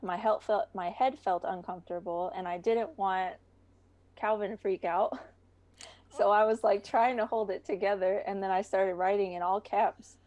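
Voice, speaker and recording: A woman's voice: mid-range voice, steady tone, moderate pace, a little mellow, dull audio. A young woman talking as a podcast guest in a casual chat, chatty with many fillers and frequent laughter.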